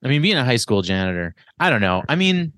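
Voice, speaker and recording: A man co-hosting a podcast in casual chat, talking haltingly and repeating words as he searches for a thought. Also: medium pitch, very animated, a bit bright, no room sound, clean studio sound. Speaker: podcast co-host.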